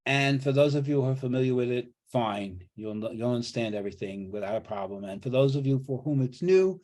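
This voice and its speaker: In an online college writing lecture, a man speaks animatedly and fairly quickly in a mid-range, darkish voice. He works through grammar patiently, going back over the main points, and is heard through a computer mic on a video call.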